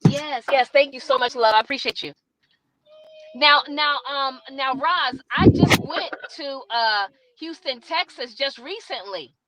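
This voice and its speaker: On a remote call, a guest who co-founded a credit repair company chats casually, apologizing often and calling people "love" and "sweetheart." Her high, fairly bright voice moves at a moderate pace with hardly any pauses. The call microphone's recording is rough, with a little hiss or hum.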